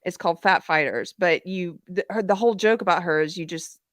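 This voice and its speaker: A woman's voice: fairly low pitch, brisk, no room sound. An American woman hosting a casual chat, conversational and often searching for words. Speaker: host.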